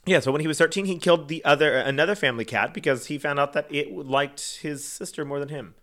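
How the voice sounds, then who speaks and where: A man's voice: a little high, fairly bright tone. A man hosting a casual podcast, joking around and recounting a true crime case with lots of fillers. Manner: joking, drawn-out and laid-back, many fillers. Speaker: podcast host.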